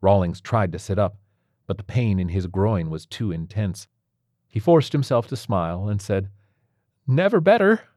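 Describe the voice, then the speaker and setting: A man narrating a short story aloud in a steady, measured storytelling manner. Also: deep voice, no room sound, studio quality. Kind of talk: scripted fiction reading.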